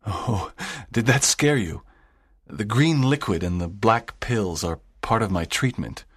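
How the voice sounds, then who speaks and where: An actor playing a sad, lonely, strict middle-aged teacher in an audiobook drama, speaking in a grave, measured way. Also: male voice, fairly low pitch, expressive, husky, no room sound, clean studio sound. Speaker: narrator's teacher.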